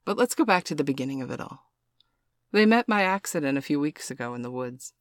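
A man reading an adult story aloud in a slow, soft, even voice. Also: a little high, dry recording, studio quality. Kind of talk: scripted adult story narration.

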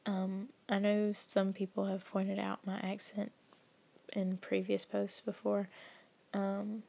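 A woman from the Southern United States with a slight Southern accent, casually reading a list in a vlog, her soft voice often dropping into whispers. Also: mid-range voice, completely flat delivery, slow pace, vocal fry. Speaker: vlogger.

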